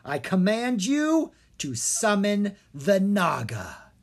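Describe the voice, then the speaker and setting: A reader putting on a gloating dark wizard. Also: medium pitch, huge pitch swings, pitched above the performer's own voice, heavily acted. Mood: commanding. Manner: slow, gleeful, commanding. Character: gloating male dark wizard, cackling and commanding.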